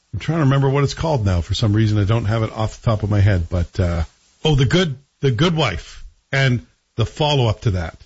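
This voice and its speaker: Man, wry casual review, rhetorical questions, slightly husky, muffled audio. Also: medium pitch.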